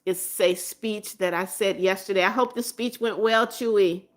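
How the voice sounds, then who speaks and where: A woman with a mid-range voice hosts a live stream at a normal speed and a steady tone, reading viewers' comments out loud. She laughs a lot, greets people with blessings, repeats phrases, and scolds gently in this casual live chat.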